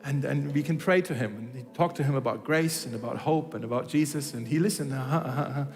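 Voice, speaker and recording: A man's voice: medium pitch, fast, a little mellow, in a large hall. A man preaching a sermon, telling a story and acting out its dialogue, with frequent restarts. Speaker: pastor. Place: church hall.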